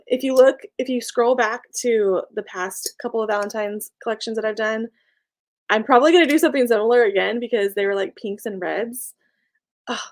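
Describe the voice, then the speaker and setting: A young woman chatting casually on a live stream, reading viewer comments, bubbly and laughing often. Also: a little high. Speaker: small business owner and live streamer.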